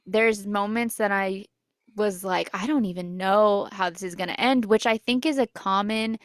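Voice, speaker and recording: A woman's voice: medium pitch, moderate pace, no echo. An enthusiastic young woman gushes about books in casual podcast chat, with a mid-range voice. The sound is close and dry, with no room around it. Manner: enthusiastic, chatty. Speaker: podcast co-host.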